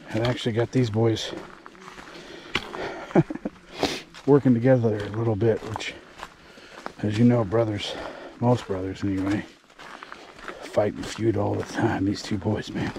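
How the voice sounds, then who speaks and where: A man, chatting casually and fatherly with his sons on a hiking trail, warning them and joking along the way. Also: fairly low pitch. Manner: chatty, fatherly, warns and jokes with his kids. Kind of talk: casual vlog narration. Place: outdoors by a waterfall on a hiking trail. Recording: rushing waterfall noise.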